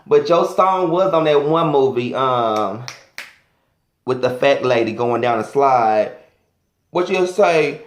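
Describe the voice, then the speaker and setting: A man's voice: mid-range voice, expressive, slow, echoey room. A man doing a sassy, flamboyant, profane comic rant as a vlogger.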